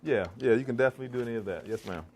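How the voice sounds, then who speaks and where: A man's voice: mid-range voice, racing, darkish tone. A man giving a vegan cooking demonstration to a live audience, calling out to the crowd like a preacher. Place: church hall kitchen.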